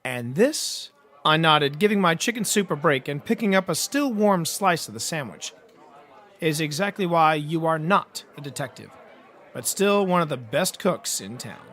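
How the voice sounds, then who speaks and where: A man's voice: on the high side, fairly bright tone. A man narrating a first-person hard-boiled detective audiobook, with a wry storytelling delivery.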